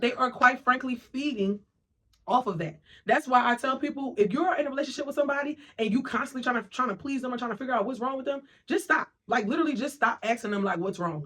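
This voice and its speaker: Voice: medium pitch, fast talker, fairly bright tone. A motivational speaker giving an emphatic monologue, often checking in with "right?" and "okay?". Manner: acts out quoted voices of other people.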